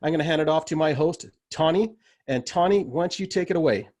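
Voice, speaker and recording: Playful Canadian co-host. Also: male voice, fairly high pitch, fast talker, darkish tone. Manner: jokey, playful. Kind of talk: casual webinar co-hosting.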